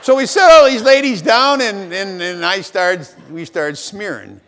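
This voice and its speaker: A man's voice: sits high, unhurried, fairly bright tone, big-room sound. A man giving a motivational speech at a sales convention. He tells a self-mocking story with lots of animation.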